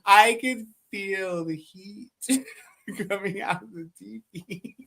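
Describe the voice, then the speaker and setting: A woman's voice: medium pitch, takes it slowly, vocal fry, fairly bright tone, slight background noise. A woman co-hosting a casual live stream from home, teasing her friend, swearing and laughing a lot. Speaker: co-host.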